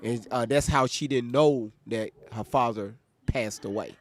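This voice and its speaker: A man's voice: medium pitch, a little slow. A man co-hosting a reaction stream who mostly chimes in with short agreements, then tells his own side. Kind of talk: casual commentary chat.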